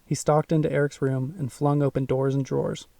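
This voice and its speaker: A man narrating a first-person audiobook in a measured, suspenseful way. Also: medium pitch, flat delivery, vocal fry, warm tone, no room sound, distant mic.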